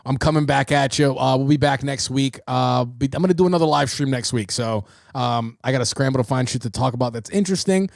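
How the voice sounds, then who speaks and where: A young man hosting his own livestream, rambling through opinions and stories with plenty of swearing. His mid-pitched voice carries a gravelly edge. The sound is dry and close, with no room around it. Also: fairly quick, hardly any pauses, no room sound. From New York City. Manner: animated storyteller, swearing freely. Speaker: podcast host. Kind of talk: casual livestream monologue.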